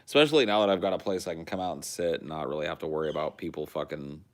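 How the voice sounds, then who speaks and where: A man hosting a casual livestream chat, loose and profane, bursting into loud silly sound effects, talking from a phone while sitting outdoors at home. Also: very deep voice, rapid-fire. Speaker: podcast host. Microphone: phone stream.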